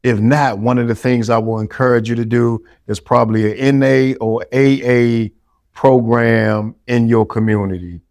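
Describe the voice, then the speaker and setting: A man's voice: mid-range voice, fairly even intonation, normal speed, darkish tone, dry recording. A middle-aged man, giving earnest, encouraging answers as a podcast guest.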